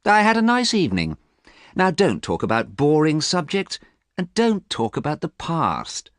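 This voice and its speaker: A man's voice: a little high, wildly swooping pitch, normal speed, no room sound, voice pushed up. A man voicing a vain, cold young man who drawls in a haughty, raised voice, recorded close and dry. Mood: bored.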